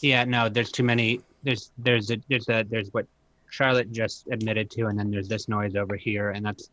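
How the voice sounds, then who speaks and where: A man playing a tabletop role-playing game, asking quick questions with stumbling restarts. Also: lowish voice, flat delivery, a bit bright, no echo. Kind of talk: casual in-character banter.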